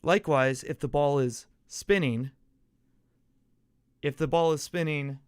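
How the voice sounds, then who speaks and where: A man with a voice on the high side hosts a casual solo sports podcast, unhurriedly rambling through an explanation, acting it out with gestures and correcting himself as he goes. The tone is clean, the recording dry, with clean studio sound.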